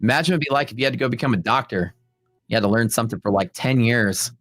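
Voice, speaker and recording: A young man hosts a trading livestream, racing through casual, joking chat with his audience and live chat while acting out stories in playful quoted voices. His voice is medium-pitched, with no echo and soft music behind it.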